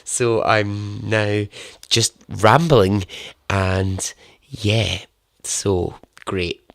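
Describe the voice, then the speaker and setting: A man's voice: fairly low pitch, little pitch movement, drawn-out words, creaky, a bit bright, dry recording. A man hosting a podcast, signing off in a loose, chatty ramble with some swearing. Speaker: podcast host. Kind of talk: casual rambling sign-off.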